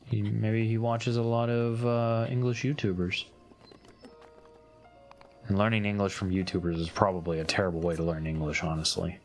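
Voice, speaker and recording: A man's voice: fairly low pitch, fairly even intonation, normal speed, soft background music. A man streaming himself playing a video game, chatting in a laid-back, offhand way and muttering asides about the game. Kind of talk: casual chat while playing a video game.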